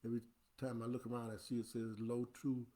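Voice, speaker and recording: A man's voice: mid-range voice, flat delivery, fairly quick, warm tone. A man, an imam, giving an earnest, instructive Friday sermon into a livestream camera.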